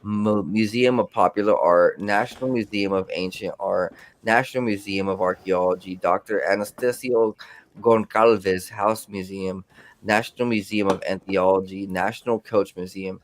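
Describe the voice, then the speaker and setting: A man's voice: on the low side, fairly even intonation, moderate pace. A man co-hosting a casual podcast, reading news items aloud with stumbles and restarts. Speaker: podcast co-host.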